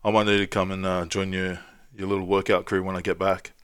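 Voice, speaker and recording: A man's voice: low-pitched, level tone, fairly quick, fairly bright tone, clear, resonant tone, no room sound. A man hosting a podcast, chatting casually and laughing often with Aussie slang. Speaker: podcast host. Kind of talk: casual chat. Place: home, living abroad.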